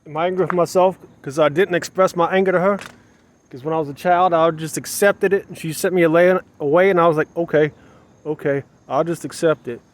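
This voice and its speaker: A fast-talking man with a slightly high voice and fairly even intonation records a personal vlog outdoors. Addressing his camera, he rambles emotionally and keeps repeating himself while questioning how he really feels.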